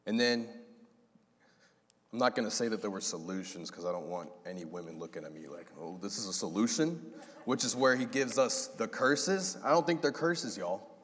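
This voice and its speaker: Low-voiced preacher in a reverberant hall. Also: male voice, moderate pace. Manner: animated, acts out voices of God and Adam. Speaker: pastor. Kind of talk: sermon.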